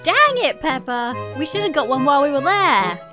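A woman's voice: high-pitched, very animated, fairly quick, music in the background. A young British woman giving playful, sarcastic commentary while playing a children's game. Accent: British English. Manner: giggly, sarcastic asides. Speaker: let's-play host.

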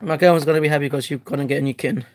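A woman hosting a casual home unboxing vlog, chatty and excitable, who swears loudly when let down. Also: sits low, very fast. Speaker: host.

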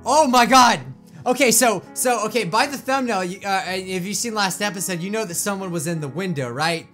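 A man hosting a gaming video who reads a story game aloud and comments on it. He is excitable, laughs often and breaks into loud outbursts. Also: high voice, a little fast, faint music behind.

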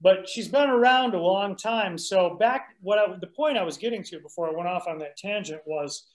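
A man's voice: high-pitched, moderate pace. A man, a musician guest, chatting casually in an interview and laughing often. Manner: laid-back, laughs often. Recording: roomy echoey sound.

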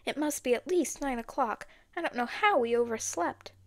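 A woman's voice: high voice, expressive, normal speed, no room sound, clean studio sound. A woman voicing a determined young girl detective in an audiobook, speaking earnestly.

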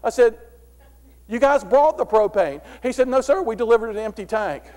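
A man's voice: very high-pitched, normal speed. A middle-aged man giving a motivational philosophy talk to an audience, telling stories and acting out the dialogue. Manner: animated storyteller, acts out dialogue. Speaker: philosophy speaker. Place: large room before an audience. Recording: long hall reverb.

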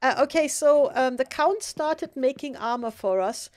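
A woman's voice: high-pitched, lively intonation, a little slow, a little mellow. A woman hosting a casual gaming stream, chatting in a rambling way with fillers and restarts. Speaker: streamer host.

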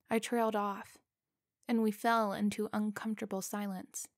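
A woman narrating a scripted first-person story in a slow, deliberate, suspenseful way. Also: medium pitch, little pitch movement, no echo, studio quality.

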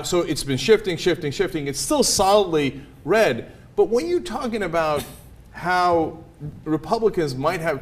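A man hosting a political commentary show, talking fast and mocking his targets with put-on voices. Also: a little high. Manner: animated, mocking impressions, laughing. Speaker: host.

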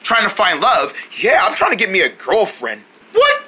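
Bright, husky skit performer. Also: big pitch swings, moderate pace. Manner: exaggerated, jumpy delivery with wild pitch swings. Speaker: skit creator voicing characters. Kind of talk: comedy skit.

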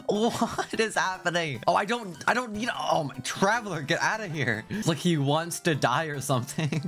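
A man giving excited, jumpy commentary over his own gameplay, laughing often and talking back to the game. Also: high voice, moderate pace, hardly any pauses, soft background music. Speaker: gaming video host.

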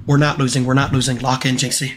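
A man streaming gameplay live, excitable and hyping himself up, repeating his phrases over and over. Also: medium pitch, fast, a little hiss or hum. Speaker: game streamer.

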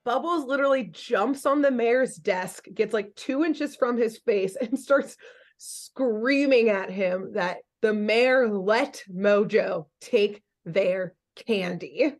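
A young adult woman hosting a podcast, recapping a cartoon episode in animated, casual storytelling full of fillers. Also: medium pitch, takes it slowly. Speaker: podcast host.

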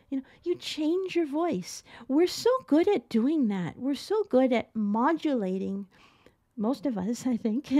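Woman, middle-aged, piano teacher, casual tutorial, chatty, expressive, slightly high pitch. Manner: chatty and expressive, laughs often, many restarts.

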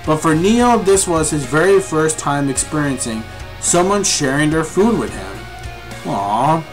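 Excitable young man reacting to manga. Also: on the high side, a little slow, soft background music. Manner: excitable, profane, talks to viewers. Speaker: manga reviewer. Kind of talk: live reading reaction.

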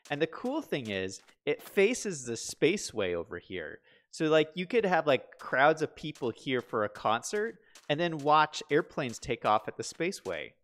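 A man's voice: on the high side, sing-song, moderate pace, few pauses, fairly bright tone. A man live-streaming a building game, chatting casually, asking himself questions and reading viewer comments aloud. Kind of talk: casual live-stream chat while playing.

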